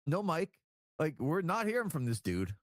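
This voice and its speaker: A man co-hosting a casual podcast review, lively and incredulous in quick bursts. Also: fairly high pitch, no echo, studio quality. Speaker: podcast co-host.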